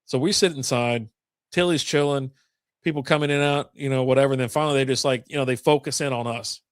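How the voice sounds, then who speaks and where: A man's voice: medium pitch, steady tone, fast talker, clear, resonant tone, no room sound. A man with a drawl spins long, rambling stories over beers, swearing as he goes. His voice sits in a mid register. The sound is dry and close. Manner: rambling storyteller, swears a lot. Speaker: podcast co-host. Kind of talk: casual chat over beers.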